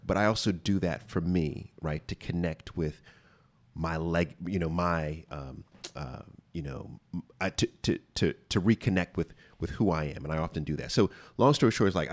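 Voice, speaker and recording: A man with a very low voice hosts an advice podcast from a studio. He talks casually but with emphasis and circles back to repeat his main points. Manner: emphatic, repeats key phrases for stress. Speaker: podcast host.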